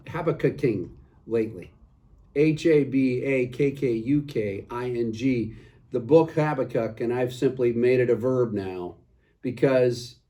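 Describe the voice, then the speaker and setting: A man giving a short devotional as a church pastor, earnest, reading scripture with rising emphasis and then dropping to a soft close. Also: mid-range voice, distant mic. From United States.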